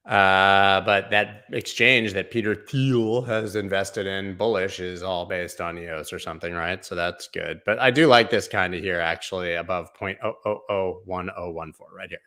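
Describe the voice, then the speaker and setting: A man's voice: low voice, fairly bright tone. A man hosting a casual live stream of crypto chart analysis, making joking asides to his chat. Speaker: livestream host doing crypto chart analysis.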